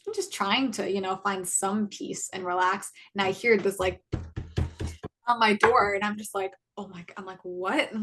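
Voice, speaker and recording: Against a noisy background, a woman in her twenties speaks at medium pitch and normal speed. As a podcast co-host, she's casually relating something that happened to her, acting out what others said, chatty and prone to "like"s and restarts.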